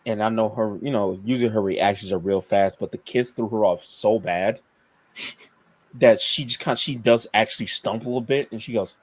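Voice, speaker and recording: A man playing a tabletop role-playing game, casual and excitable, swearing freely. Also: fairly low pitch, moderate pace, no echo. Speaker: player.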